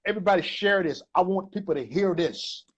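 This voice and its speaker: A man's voice: high voice, a little fast, breathy edge, highs cut off. A man hosting a casual interview over a video call, eagerly backing his guest with affirmations. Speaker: interview host.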